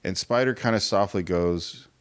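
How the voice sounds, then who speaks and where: A man's voice: low voice, normal speed, clean tone. A man co-hosting a casual film discussion, retelling scenes and acting out the characters' lines. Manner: animated storyteller, acts out quoted lines. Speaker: film podcast co-host.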